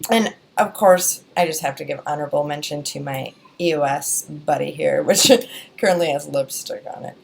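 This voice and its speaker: A woman's voice: sits low, moderate pace, creaky. A young woman with a Wisconsin accent, chatting casually through a beauty product review, rambling with lots of fillers and restarts. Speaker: beauty vlogger.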